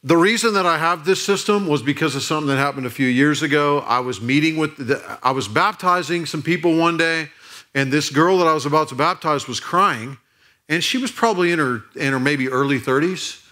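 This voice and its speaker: A man's voice: a little high, normal speed, pushed and bright. A man in his forties, a pastor telling a humorous story in a sermon and asking the crowd questions. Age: 40s. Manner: playful, jokey, asks the crowd questions. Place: church auditorium.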